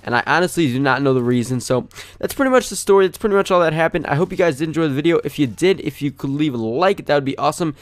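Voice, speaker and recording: A man's voice: on the high side, lively intonation, very fast, no echo. Chatty young man telling a story, dry sound. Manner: rambling, chatty, lots of "like". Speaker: gaming channel host. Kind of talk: casual storytelling over gameplay.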